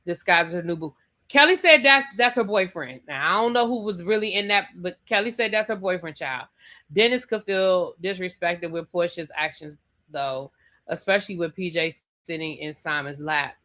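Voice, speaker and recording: A woman's voice: on the low side, normal speed, bright, forceful tone. A woman hosting a live show, reviewing a reality TV episode in a chatty, sassy way and repeating her points. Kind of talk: casual live rant reading viewer comments.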